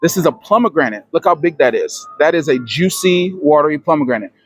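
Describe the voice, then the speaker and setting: A man's voice: on the high side, expressive, a little fast, breathy edge, dry recording. A man vlogging as he walks through a supermarket, chatting and explaining prices to his viewers. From United States. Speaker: travel vlogger. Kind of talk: casual grocery-store walkthrough. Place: supermarket, indoors.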